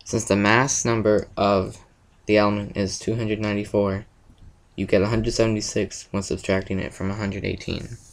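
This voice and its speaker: Male presenter, slightly low voice, steady read-through of a science explanation. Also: moderate pace, creaky, poor audio. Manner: steady, methodical, step-by-step explaining. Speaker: presenter of a school science project. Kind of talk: reading a prepared explanation.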